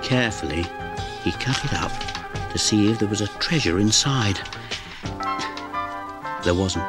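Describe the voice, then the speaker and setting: A man narrating a cartoon story in a gentle, storytelling manner. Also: on the low side, lively intonation, a little slow, pauses often. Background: music.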